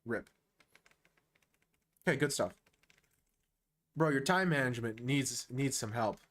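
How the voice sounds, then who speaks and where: A man giving casual live chess commentary on a stream, with a voice of ordinary middle pitch. He is excitable and slangy and talks straight at the player as if coaching a friend. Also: measured pace.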